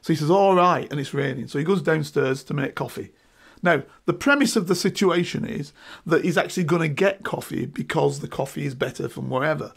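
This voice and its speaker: A middle-aged man, talking in an emphatic, animated way and checking in with "right?" as a guest in a casual discussion. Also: fairly high pitch, fairly quick, creaky, breathy edge.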